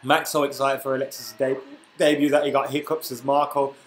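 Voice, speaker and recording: A man's voice: medium pitch, little pitch movement, brisk, roomy sound, low-quality recording. A young man hosting a football live stream, chatting casually and reading out viewer comments while he has the hiccups. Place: room at home.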